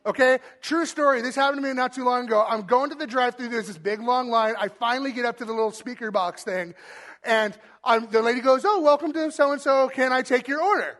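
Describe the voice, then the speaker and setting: A man hosting a game on stage for a church audience, then speaking to them. He is energetic and playful, shouting cheers and countdowns and tossing in jokes. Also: extremely high pitch, fairly quick. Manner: playful, joking asides. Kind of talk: live stage talk to an audience.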